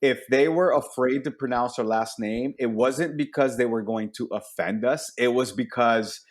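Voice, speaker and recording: Animated male comedian from Colombia. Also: medium pitch, normal speed. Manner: animated, acts out quoted voices. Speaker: comedian guest. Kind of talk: casual storytelling chat.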